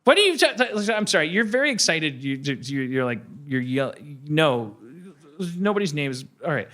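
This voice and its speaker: Bright rambling man telling a story on stage. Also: on the high side, normal speed. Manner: rambling, stammering, animated storyteller who acts out voices. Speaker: podcast host. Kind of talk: live comedy podcast storytelling. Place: live stage before an audience.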